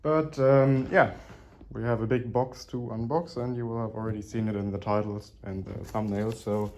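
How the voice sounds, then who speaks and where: A man casually narrating an unboxing of collectible helmets, relaxed and chuckling, with many ums and uhs. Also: on the low side, normal speed, a little hiss or hum. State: slightly out of breath.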